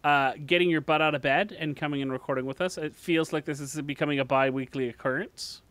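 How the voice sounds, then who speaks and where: A man's voice: fairly high pitch, steady tone, a little fast, a bit bright, dry recording. A man hosting a casual gaming podcast, friendly and upbeat as he explains and thanks listeners. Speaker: podcast host.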